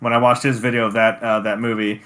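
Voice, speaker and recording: A man's voice: mid-range voice, little pitch movement, fast, fairly bright tone. A man co-hosting a casual podcast, thinking aloud in a hesitant, meandering way with casual swearing. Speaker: podcast co-host. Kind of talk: casual chat.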